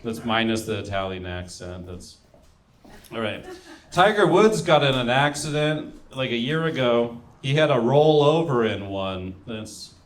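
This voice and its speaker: A man's voice: mid-range voice, expressive, unhurried. A young man doing a stand-up set, delivering one-liners and trailing off into mumbles between jokes. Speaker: stand-up comedian. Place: comedy club stage.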